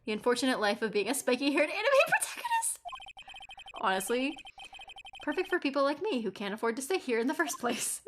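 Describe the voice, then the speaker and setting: A woman's voice: high voice, wildly swooping pitch, brisk, background noise. A woman streamer chatting casually through a game, swearing freely, laughing and teasing her chat. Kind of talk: casual let's-play chat.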